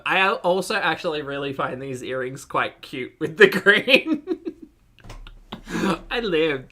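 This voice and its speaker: An Australian man chatting through a reaction video with a bright, sharp tone and lots of giggling. His pitch swings widely and he bursts into loud, excited laughs. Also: unhurried. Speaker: reaction commentator. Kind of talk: casual reaction commentary.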